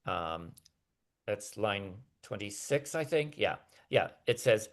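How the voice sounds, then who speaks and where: A man's voice: lowish voice, expressive, slow pace, creaky. Hesitant male lecturer on a video call. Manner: hesitant, many fillers and restarts.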